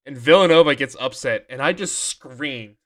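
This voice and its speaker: A man's voice: medium pitch, normal speed, a bit bright. A young man co-hosting a podcast, telling rambling stories in casual chat with lots of fillers and restarts. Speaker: podcast co-host.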